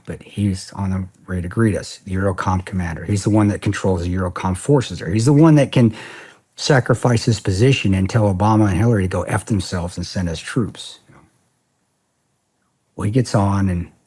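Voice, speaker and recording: A man's voice: sits low, a little mellow, breathy edge. A middle-aged man, a podcast guest, telling a story bluntly and casually, profane and rambling with restarts.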